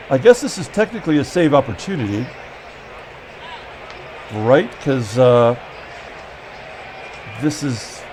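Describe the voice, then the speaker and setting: A man with a slightly high, very lively voice casually commentates a replayed baseball season. He thinks aloud, corrects himself and fills gaps with "uh" as he recaps the game. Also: a little hiss or hum. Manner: chatty, thinking aloud with fillers and self-corrections.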